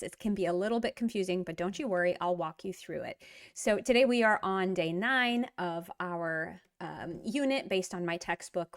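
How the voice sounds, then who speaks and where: A woman's voice: lowish voice, a bit bright. A woman hosting her own online language lesson, talking in an upbeat, chatty way with frequent fillers. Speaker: Russian language teacher.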